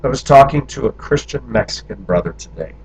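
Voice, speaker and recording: Expressive and a little fast, this man's medium-pitched voice has a darkish tone and a breathy edge. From the United States, he candidly recounts personal memories in long run-on stretches, captured on a dull lo-fi recording.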